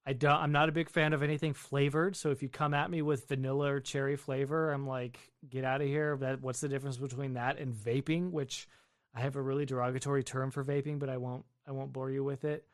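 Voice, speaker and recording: This basement livestreamer, married with children, rattles through chat questions quickly and answers them casually. He speaks at a medium pitch in an even tone, and the recording is clean, studio-grade, with no room sound at all.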